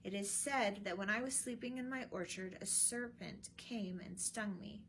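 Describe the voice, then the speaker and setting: A woman voicing the ghost of a dead king, speaking slowly in a solemn, hollow voice for a storybook reading. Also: medium pitch, noisy background, close to an everyday voice. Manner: slow, grave, hollow delivery.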